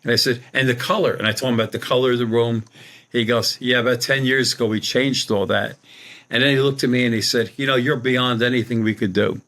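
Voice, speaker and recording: A man's voice: medium pitch, steady tone, fast talker, fairly bright tone. A middle-aged man telling a personal story as a podcast guest, in a colloquial, rambling way, acting out the dialogue he quotes. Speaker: guest, psychic medium. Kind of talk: conversational storytelling.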